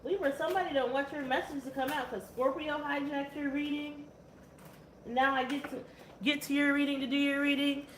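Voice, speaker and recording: A woman's voice: sits high, fairly even intonation, brisk, slight background noise. A woman giving a casual tarot reading, blunt and chatty with exasperated asides. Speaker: tarot reader.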